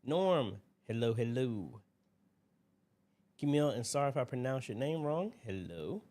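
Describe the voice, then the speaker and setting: A man's voice: medium pitch, big pitch swings, unhurried, dark tone. A man hosting a casual livestream Q&A from his desk, rambling and chatty as he greets viewers by name. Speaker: livestream host. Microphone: desk mic at a computer.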